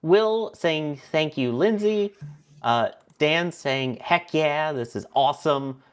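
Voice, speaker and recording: A man's voice: fairly high pitch, lively intonation, takes it slowly, clear, resonant tone. A man co-hosting a livestream, chatty and punning, reading viewer messages aloud. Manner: chatty, punning, laughs often. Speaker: co-host.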